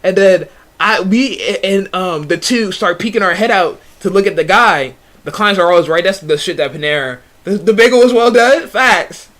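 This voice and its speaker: A young man streamer telling a story in a casual, animated way, full of slang and restarts. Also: high-pitched, moderate pace, hardly any pauses.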